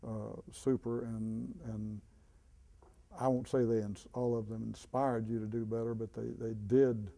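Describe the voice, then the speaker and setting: An older man in an interview, recalling his school teachers in a halting way, with many fillers. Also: on the low side, level tone, gravelly, dark tone. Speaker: interviewee, former student. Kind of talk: reminiscing interview.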